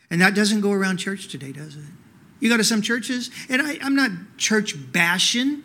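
A man's voice: sits high, moderate pace, sharp tone. A male pastor preaching a sermon in a conversational way, asking rhetorical questions and using many "you know" fillers.

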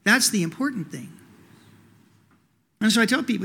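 A man's voice: high voice, lively intonation, normal speed, gravelly, long pauses, pushed and bright, husky. A male pastor preaching a sermon in a conversational way, asking rhetorical questions and using many "you know" fillers.

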